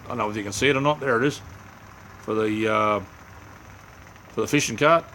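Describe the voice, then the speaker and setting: A fairly low, bright, forceful voice comes through at a fairly quick pace, with slight background noise. It belongs to an Australian livestream host up late on little sleep, rambling laid-back chat to his viewers, thick with "um," "mate," fillers, and friendly slang.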